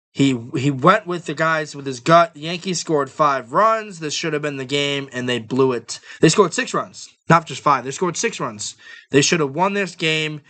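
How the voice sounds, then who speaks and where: A man's voice: on the high side, sharp tone. A man hosting a sports podcast, talking bluntly and offhandedly like a fan. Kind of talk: casual sports podcast talk.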